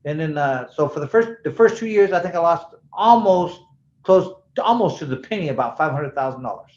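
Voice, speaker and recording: A man in his sixties talks in a higher register for a man and tells stories with lively swings of pitch, acting out every bit of dialogue with street slang and the odd curse. The recording is roomy and a little dull. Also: a little fast. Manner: animated storyteller who acts out dialogue, with slang and swearing. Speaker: interview guest, former boxing champion. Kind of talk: casual storytelling interview. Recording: roomy, slightly dull sound.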